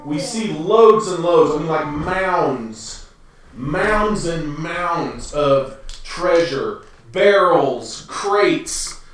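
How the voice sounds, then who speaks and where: A man's voice: fairly high pitch, animated, drawn-out words, fairly bright tone. A man narrating a tabletop game as game master for his children, rambling with lots of fillers and restarts. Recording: echoey room from far off.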